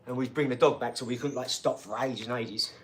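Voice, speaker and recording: A man's voice: mid-range voice, fairly even intonation, fairly quick, a little hiss or hum. A man chatting casually and slangily to viewers on a live stream from a garage gym. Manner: chatty and slangy, talking straight to the chat.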